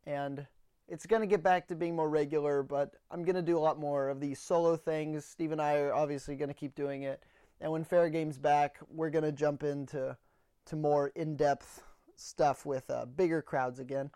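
A man's voice: fairly high pitch, fairly even intonation, moderate pace, warm tone, clean tone, dry recording, clean studio sound. A man hosting a comedy podcast alone, telling a rambling story in a blunt, sarcastic way and a little out of breath. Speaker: podcast host. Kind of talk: solo comedic monologue.

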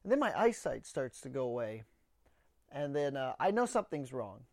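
A man's voice: medium pitch, big pitch swings, normal speed, no room sound. A man talks alone into a close podcast mic, blunt and sarcastic as he rambles through a story. He sounds a little out of breath. The sound is dry, with no room around it. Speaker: podcast host. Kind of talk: solo comedic monologue.

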